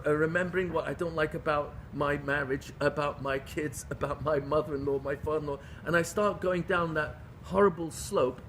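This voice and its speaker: High-voiced man giving an emphatic class. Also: a little hiss or hum. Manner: emphatic, repeats phrases for stress, rhetorical questions. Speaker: rabbi teaching a class. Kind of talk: lively Torah lecture.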